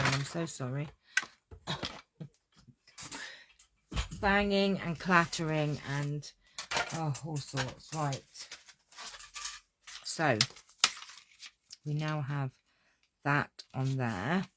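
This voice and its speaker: In a noisy setting, a woman with a low-pitched voice leads a hands-on card-making tutorial. She chats to herself as she works and comes across as scatterbrained.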